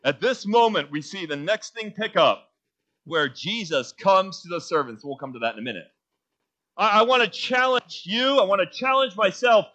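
A man preaching a sermon in a high, bright voice. He talks with emphasis and keeps asking the congregation questions before answering them. The recording sounds dull and lo-fi. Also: very animated, normal speed. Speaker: pastor.

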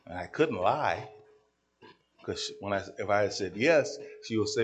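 A man preaching a sermon, telling a story and acting out the dialogue, moving from quiet asides to loud, emphatic peaks. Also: fairly low pitch, moderate pace. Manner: acts out dialogue, swings from hushed to shouting.

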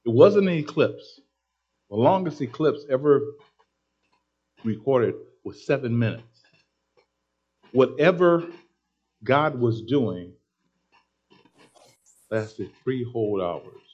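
A husky-voiced male preacher delivering a sermon, excitable and emphatic as he tells his story. The recording is dull and lo-fi. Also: medium pitch, slow pace, long pauses.

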